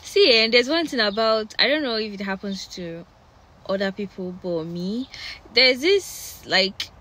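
A woman's voice: medium pitch, lively intonation, unhurried, sharp tone. A young woman with a Nigerian accent, chatting casually to her phone camera outdoors in the cold, with lots of fillers and laughs. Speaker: vlogger. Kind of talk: casual vlog chat.

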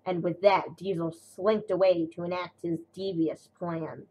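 A woman narrating a children's storybook tale in a steady, even way. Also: lowish voice, unhurried, poor audio.

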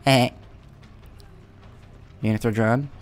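A young man giving chatty, casual commentary while playing a video game, talking to himself and sometimes breaking into excited yells. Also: medium pitch, slow pace. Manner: chatty, self-talking, bursts into excited yelling. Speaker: gaming YouTuber.

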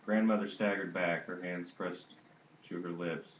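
A man reading a novel aloud in a steady, measured narration, in a dull, roomy recording. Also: deep voice, a little hiss or hum. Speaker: audiobook reader. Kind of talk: literary audiobook narration.

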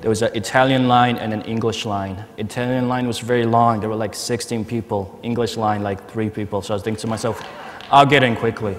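A man giving a personal testimony at a conference, telling his story in a lively way and laughing often. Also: on the low side, fairly quick, few pauses. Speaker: conference speaker. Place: large conference hall. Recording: long hall reverb, faint noise.

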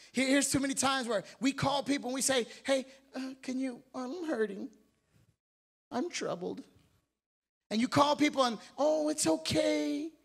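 High-voiced, exhorting male pastor. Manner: energetic, exhorting, calls out questions to the congregation. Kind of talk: sermon. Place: church sanctuary.

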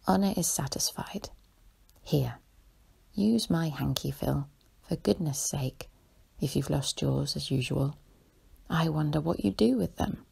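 A woman's voice: low-pitched, unhurried, pauses often, heavily acted. A woman whispering as a proud bossy boy. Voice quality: husky, creaky whisper. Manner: soft, hushed storytelling. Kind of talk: whispered role-play.

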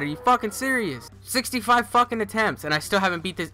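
A man giving gameplay commentary as a gaming YouTuber, cursing and yelling in frustration. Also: high voice, big pitch swings, brisk, few pauses, soft background music.

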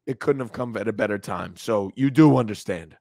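A man's voice: fairly low pitch, brisk, gravelly, dark tone, dry recording. A man co-hosting a casual podcast, emotional and swearing freely, his voice breaking as he talks close to tears. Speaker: podcast co-host.

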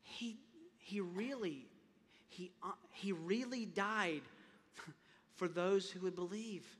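A man preaching a sermon as a pastor, impassioned, often repeating words and rising to loud emphatic peaks. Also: high voice, slow pace, breathy edge. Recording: long reverb of a large hall.

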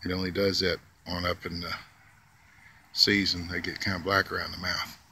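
A man's voice: low-pitched, level tone, normal speed, pushed and bright, slightly rough. A man, talking outdoors in a casual, folksy way and coaxing squirrels with sweet, drawling words. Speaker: vlogger feeding squirrels. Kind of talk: casual running talk to animals. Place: outdoors in a yard. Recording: faint outdoor noise.

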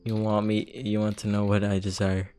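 Guy doing a flirty bored lady, low teasing voice, slow and drawn out, faint music behind. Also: monotone, mellow, clear, resonant tone, natural voice. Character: flirty bored woman luring a stranger.

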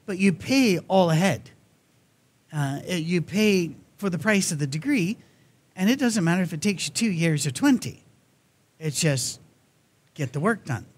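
A man's voice: high-pitched, lively intonation, unhurried, long pauses, slightly rough. A man preaching a sermon in a church, telling stories in a conversational manner. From Scotland. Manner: conversational, storytelling.

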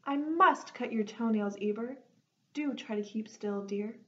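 Woman doing a fussy old granny, gentle scolding, slow, muffled lo-fi sound. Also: fairly high pitch. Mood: fussing. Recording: dull lo-fi recording.

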